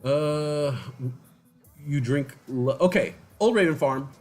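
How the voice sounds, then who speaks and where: A man's voice: fairly high pitch, slow pace, faint music behind. A man casually chatting to viewers on a livestream, telling rambling stories and mimicking other people's voices. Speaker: livestream host.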